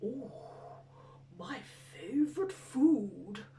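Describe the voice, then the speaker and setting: A woman voicing a big, hungry male storybook monster in a low, hushed, whispery voice. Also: expressive, extremely slow, far from the mic, a little hiss or hum, full character voice. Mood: menacing hush.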